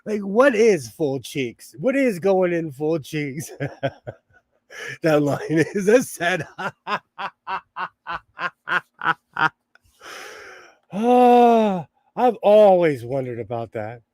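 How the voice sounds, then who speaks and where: A man's voice: high voice, expressive, very slow, pauses often, no room sound. A man hosting a casual sewing livestream, chatting, laughing often and reading viewer comments aloud. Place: home sewing room.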